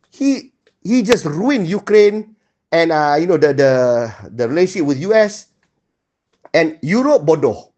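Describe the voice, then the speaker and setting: A man's voice: on the high side, darkish tone. A man with a Malaysian accent giving blunt, indignant solo political commentary, dropping Malay words into his English.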